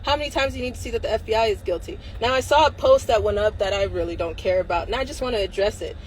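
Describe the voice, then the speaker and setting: A medium-pitched woman hosting a livestream rants rapid-fire, angrily and defiantly, swearing often and laughing through occasional tears. The low-quality recording carries slight background noise.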